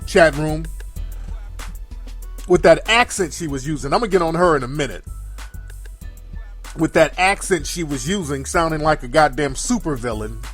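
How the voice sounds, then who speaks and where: A man's voice: fairly high pitch, animated, moderate pace, pauses often, a bit bright, faint music behind. A man hosting a live call-in show, ranting bluntly and with plenty of profanity. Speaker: show host taking calls and chat. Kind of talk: casual live commentary.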